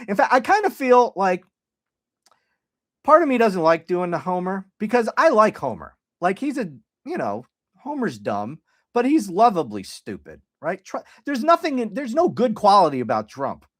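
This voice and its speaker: Animated, swearing podcast host man. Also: high voice, moderate pace, no room sound, studio quality. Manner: casual, swears freely, mixes jokes with serious points. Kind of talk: casual livestream talk.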